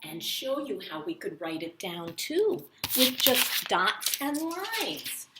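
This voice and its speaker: A woman's voice: mid-range voice, very animated, takes it slowly, distant mic, very noisy. Sing-song woman teaching kids rhythm. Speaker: children's music teacher. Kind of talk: teaching movement and rhythm to young children. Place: at home, indoors. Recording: echoey room, voice a little off-mic.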